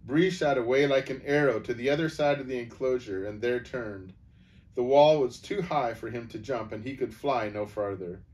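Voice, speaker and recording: A man reading a children's storybook aloud in a gentle, unhurried way. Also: mid-range voice, recorded from a distance.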